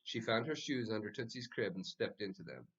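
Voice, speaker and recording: Lively male storybook narrator. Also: on the low side, a little fast, breathy edge, muffled recording. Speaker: audiobook narrator. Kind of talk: scripted narration.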